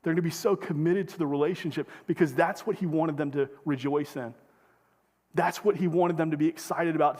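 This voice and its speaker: A man's voice: on the high side, darkish tone, long reverb tail. A male pastor preaching a sermon in a conversational way, often asking the congregation questions. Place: church sanctuary.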